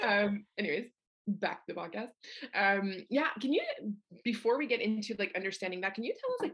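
A woman's voice: medium pitch, a bit bright. A young adult woman hosting a podcast, chatting casually with lots of fillers and easy laughter. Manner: chatty, heavy use of "like", laughs easily. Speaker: podcast host. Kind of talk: casual interview chat.

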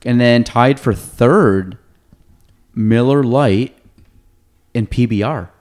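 A man's voice: medium pitch, takes it slowly, darkish tone. A man hosting a podcast in casual chat, rambling and thinking aloud. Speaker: podcast host.

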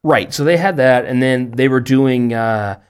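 A man's voice: medium pitch, unhurried, clear, resonant tone. A middle-aged man hosting a podcast in casual chat, rambling and self-deprecating, often stumbling over his words. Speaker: podcast host.

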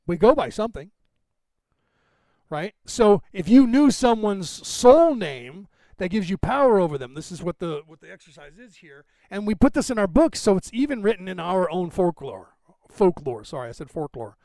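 Rambling American man, higher voice. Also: big pitch swings, normal speed, dark tone, dry recording. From United States. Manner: rambling, many fillers and restarts. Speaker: podcast host. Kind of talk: casual commentary.

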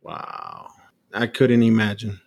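A man's voice: lowish voice, wildly swooping pitch, slow, creaky, a little mellow. A man hosting an interview, asking questions with vivid scene-setting. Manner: builds questions with vivid setups. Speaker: interview host.

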